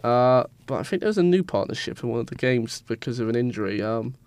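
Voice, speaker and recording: A man's voice: medium pitch, animated, fast talker, a little mellow, dry recording. A man co-hosting a casual sports podcast, rambling and stumbling over player names with self-mocking asides.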